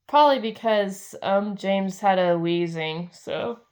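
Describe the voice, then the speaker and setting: A woman's voice: mid-range voice, expressive, slow pace, darkish tone, clean tone. A young woman chatting casually as she opens trading card packs, giggling and gushing over the cards she likes. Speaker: card-collecting video host. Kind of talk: casual pack-opening commentary.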